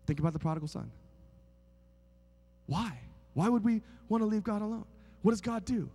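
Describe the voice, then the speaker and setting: High-voiced animated preacher man. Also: normal speed, breathy edge, long reverb tail. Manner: animated storytelling, swings from hushed to near-shouting; keeps asking the crowd "right?". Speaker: pastor. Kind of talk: sermon.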